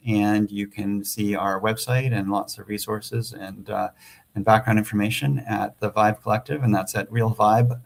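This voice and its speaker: A man's voice: lowish voice, vocal fry. A man co-hosting a real estate show, talking loosely and correcting himself as he goes. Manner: loose, rambling, self-correcting. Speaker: realtor and co-host. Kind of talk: casual chat.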